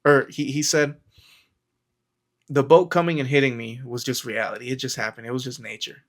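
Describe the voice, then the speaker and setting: Medium-pitched and steady, the man's voice moves at a normal speed. As a self-help vlogger, he talks casually to camera about mindset, rambling and storytelling with frequent fillers and acted-out quotes.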